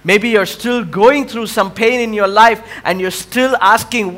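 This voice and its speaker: High-voiced, bright preacher delivering a sermon. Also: male voice, measured pace. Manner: preaching with call-and-response questions to the congregation; swells loud and high on impassioned cries, drops to quiet near-whispers. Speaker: pastor.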